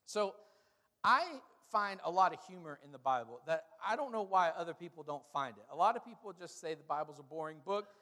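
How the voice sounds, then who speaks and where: A man, a pastor, preaching a sermon with humorous, animated storytelling. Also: fairly high pitch, fairly quick, in a large hall.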